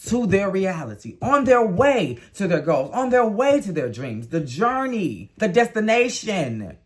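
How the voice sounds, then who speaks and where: A man talking casually in a review vlog. He gives blunt, emotional opinions and now and then jumps up into high exclamations. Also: sing-song, unhurried. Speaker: reality TV reviewer.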